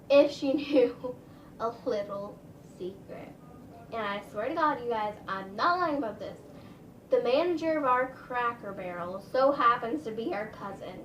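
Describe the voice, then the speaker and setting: A woman's voice: a little high, recorded from a distance. A woman telling a story in a casual, rambling way, full of "like" and "um". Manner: chatty, rambling, lots of "like" and "um". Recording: roomy, a little off-mic, faint room noise.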